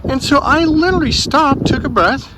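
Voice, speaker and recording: Rambling man talking outdoors in loud wind. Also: very high-pitched, moderate pace. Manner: animated, rambling, swears and self-corrects. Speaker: self-help vlogger. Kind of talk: casual outdoor monologue. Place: outdoors by the water on a windy day. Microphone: handheld microphone, cupped at times. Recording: loud wind buffeting the microphone. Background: heavy wind noise.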